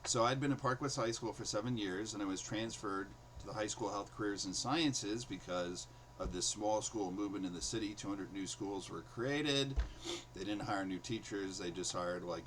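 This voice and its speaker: Male host in his forties; low, conversational, anecdotal delivery with frequent fillers; faint background noise. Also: fairly bright tone, poor audio. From New York City. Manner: chatty, many fillers, acts out quotes in raised voice. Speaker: host and storyteller. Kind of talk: casual spoken storytelling.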